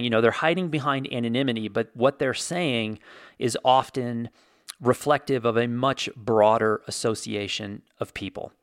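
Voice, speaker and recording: A man's voice: mid-range voice, creaky, a bit bright, no room sound, studio quality. A middle-aged man, a YouTube photographer, telling a rambling, self-deprecating story in a casual monologue. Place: Santa Fe.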